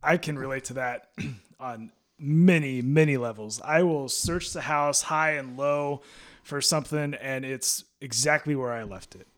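A man hosting a podcast, telling a relaxed, relatable story in casual conversation. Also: medium pitch, measured pace. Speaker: podcast host. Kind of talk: casual chat.

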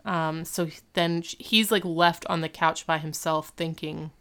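A woman's voice: low-pitched, steady tone, measured pace, a bit bright, smooth. A woman in casual chat, retelling a TV episode with lots of "like" and "um". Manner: chatty storytelling with many fillers. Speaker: podcast co-host.

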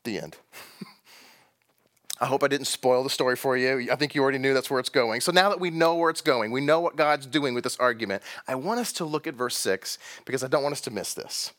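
A man's voice: mid-range voice, fast talker, few pauses, fairly bright tone. A man from Texas, preaching a sermon to a congregation in a conversational style, drawing out key words and asking rhetorical questions. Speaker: pastor.

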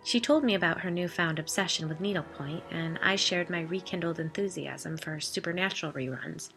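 A woman narrating a first-person story in steady, expressive scripted reading. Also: on the low side, a little fast, gravelly, faint music behind. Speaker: audiobook narrator.

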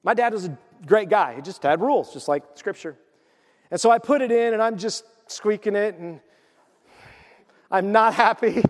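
Male pastor telling a story in a sermon, gets loud then goes quiet, highish voice, big echo. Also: moderate pace, long pauses. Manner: storytelling, swings from loud excitement to hushed emotion.

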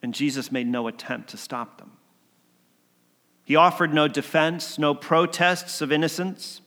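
A man telling a story as a sermon, swinging between emphatic lines and hushed ones. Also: fairly high pitch, fairly even intonation, measured pace. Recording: long hall reverb.

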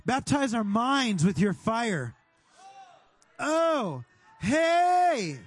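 A pastor leading a fervent prayer over his congregation, speaking directly to God and sometimes rising to a shout. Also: extremely high pitch, sing-song, very slow. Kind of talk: sermon prayer.

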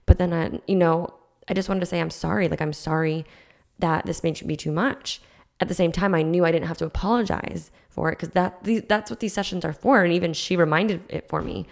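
Gravelly-voiced woman podcast host. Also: lowish voice, fairly even intonation, fast talker. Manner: earnest, reflective, frequent restarts. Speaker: podcast host and life coach. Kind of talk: casual solo podcast talk.

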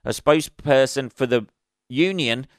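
A podcast host rambles alone in a casual solo monologue, sweary and sarcastic, laughing at his own jokes. His mid-range voice moves a little slowly, recorded at studio quality with no room sound.

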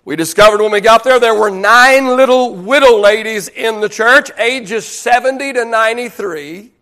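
A male pastor from Oklahoma telling a story in a sermon, animated and self-deprecating, often restarting his sentences. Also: very high-pitched, moderate pace.

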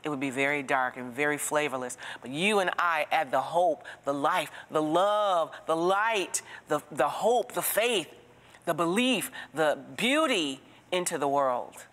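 A woman teaching a Bible study, telling stories in an expressive, preacherly way and asking the listener direct questions. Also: deep voice, unhurried, long reverb tail.

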